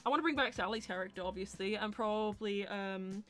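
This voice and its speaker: A woman hosting a casual live-stream Q&A, chatty and quick to laugh, turning loud and animated when indignant. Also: medium pitch. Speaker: host of a live voice-acting show.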